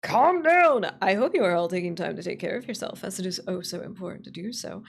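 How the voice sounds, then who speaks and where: A woman streamer in casual livestream chat, excitable, swearing freely and swinging between squeals and grumbles. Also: fairly low pitch, fast, creaky.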